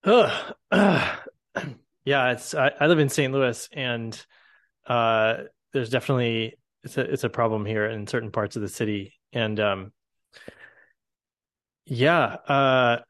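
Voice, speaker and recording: A man's voice: medium pitch, slow, fairly bright tone. A man hosting an interview who asks thoughtful questions in a hesitant way, with plenty of fillers. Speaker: interview host. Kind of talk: conversational interview.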